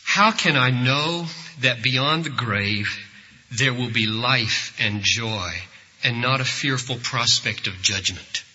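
At a church service before a congregation, a pastor preaches slowly in a medium-pitched, bright voice with a forceful tone and a breathy edge. He tells stories dramatically, acting out the voices in them. The sound is echoey, hall-like, and dull and lo-fi.

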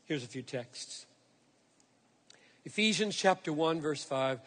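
A man preaching a sermon, earnest and emphatic, slowing down to stress key phrases as he explains scripture. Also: on the high side, animated, fairly bright tone. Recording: long hall reverb.

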